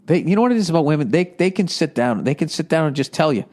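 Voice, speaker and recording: A man in his forties from the United States talks through a casual comedy podcast. His voice sits a little high for a man. He rambles, swears and sounds exasperated as he riffs. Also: animated, fast, darkish tone. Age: 40s. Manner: rambling, profane and exasperated, riffing off forum posts. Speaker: podcast host.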